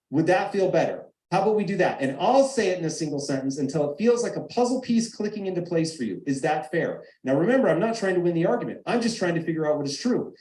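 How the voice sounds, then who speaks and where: A man's voice: fairly high pitch, a little mellow. A man giving a live talk to an audience, acting out both sides of arguments in quoted voices. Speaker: guest speaker. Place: event stage. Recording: echoey large room.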